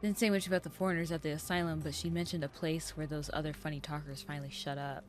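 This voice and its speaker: A woman's voice: deep voice, flat delivery, quick pace, faint music behind. A woman giving chatty, reactive commentary while playing a video game. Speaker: gameplay streamer. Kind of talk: casual gameplay commentary.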